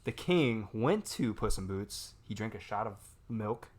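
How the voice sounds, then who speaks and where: A man's voice: lowish voice, expressive, unhurried. A young man co-hosting a casual podcast, insistent and laid-back, from Florida. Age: young adult. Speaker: podcast co-host. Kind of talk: casual chat.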